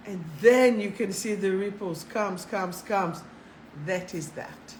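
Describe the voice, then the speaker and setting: A woman hosting a live spiritual talk, chatty and animated, swearing casually and laughing at herself. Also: mid-range voice, slow pace, a little hiss or hum, low-quality recording. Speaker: spiritual coach and live show host.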